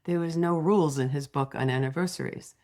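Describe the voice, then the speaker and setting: An older woman narrates a slideshow lesson in a notably low voice. She teaches by telling stories from her own life, relaxed and conversational. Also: brisk. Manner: warm storytelling with personal anecdotes. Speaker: EFT tapping teacher. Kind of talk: presenting a slideshow talk.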